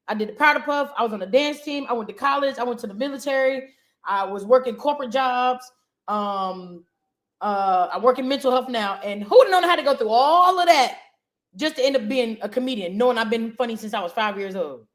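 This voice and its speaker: A woman comedian, chatting as an interview guest, loud and playful with animated bursts. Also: on the high side, fairly quick. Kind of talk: casual interview chat.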